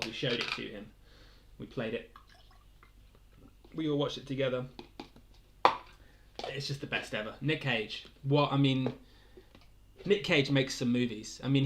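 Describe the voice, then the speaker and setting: A man's voice: medium pitch, background noise. Chuckling man hosting a stream quiz. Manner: rambling, chuckles often between questions. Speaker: quiz host. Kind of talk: casual livestream quiz hosting.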